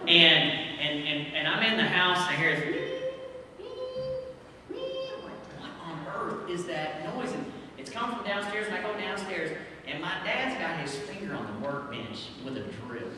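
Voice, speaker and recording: A man speaking as a son at a memorial, telling an animated story about his father. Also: on the high side. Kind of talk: memorial tribute speech. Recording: echoey hall, distant mic, background noise.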